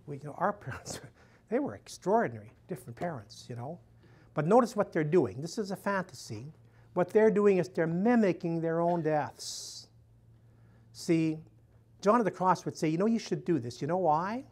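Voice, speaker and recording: Husky and darkish, his high-side voice stays animated at a moderate pace. He's a missionary priest telling stories in a chatty talk before a live audience, lifting his voice for quoted dialogue and often saying "you know."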